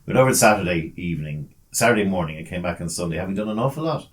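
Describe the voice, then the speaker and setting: A man chats on his podcast in a fairly low voice. He jokes constantly, teasing his co-host and calling listeners lads and mate. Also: lively intonation, rapid-fire. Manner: jokey, banter-heavy, says mate and lads. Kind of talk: casual chat.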